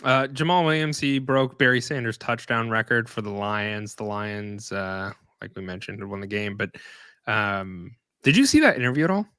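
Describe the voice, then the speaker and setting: A man co-hosting a casual sports podcast, animated and blunt, swearing and laughing at his own slips. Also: lowish voice, normal speed, clean tone, dry recording. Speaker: podcast co-host.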